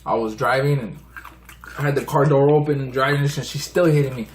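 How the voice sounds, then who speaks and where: A man's voice: mid-range voice, steady tone, fairly quick, a little hiss or hum, poor audio. A man telling a story in a laid-back way, swearing and acting out quotes. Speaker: vlog co-host. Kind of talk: casual couple storytelling.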